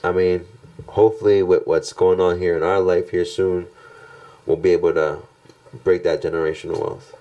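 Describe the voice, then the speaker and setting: A man's voice: low-pitched, little pitch movement, normal speed, warm tone, muffled recording. A man co-hosting a podcast in casual chat, laid-back and a bit hesitant, often asking questions. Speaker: podcast co-host.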